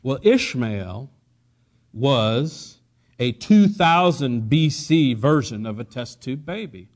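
A man's voice: mid-range voice, expressive, slow. A man preaching a sermon as a pastor, asking the congregation for responses and dropping in joking asides.

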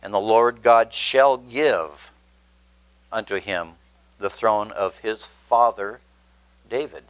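A man's voice: lowish voice, slow pace. A man preaching a sermon, reading scripture aloud and stressing words earnestly. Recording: dull lo-fi sound.

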